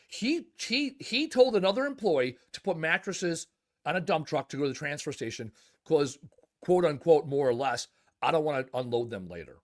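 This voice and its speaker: Male business owner, a bit higher pitched, emphatic and animated storyteller, podcast guest. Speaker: junk removal business owner. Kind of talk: casual podcast conversation.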